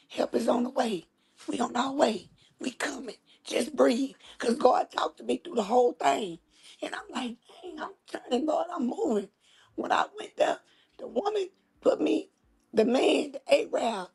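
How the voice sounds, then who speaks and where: Husky high-pitched woman telling a story. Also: darkish tone. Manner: emphatic, dramatic retelling with repeated phrases. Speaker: host. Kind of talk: casual storytelling chat.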